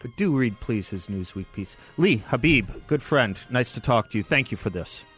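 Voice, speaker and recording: A man hosting a talk radio show who interviews a guest and reads the station's phone number, speaking conversationally with quick affirmations. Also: mid-range voice, lively intonation, a bit bright, slightly rough, soft background music.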